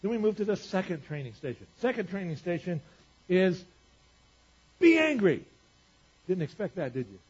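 Guy preaching in church, pretty husky, kinda high voice, asks the crowd questions, dull lo-fi sound. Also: expressive, fast talker, few pauses. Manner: conversational preaching, rhetorical questions, swings from loud to quiet. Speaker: pastor. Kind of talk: sermon.

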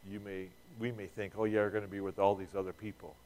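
Male pastor, lowish voice, relaxed conversational sermon with rhetorical questions. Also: fast. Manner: repeats words when restarting.

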